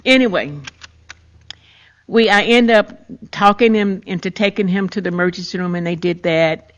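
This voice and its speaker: An older woman hosting a podcast tells a personal story of grief with emotion and emphasis. Her voice is mid-range and moderately paced, heard through a muffled lo-fi recording.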